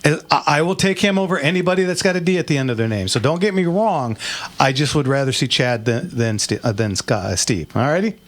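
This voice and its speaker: A man's voice: fairly high pitch, expressive, a little fast. A man hosting a call-in radio show, chatting in a folksy, easygoing way, chuckling often and tripping over his words. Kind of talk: casual call-in radio chat.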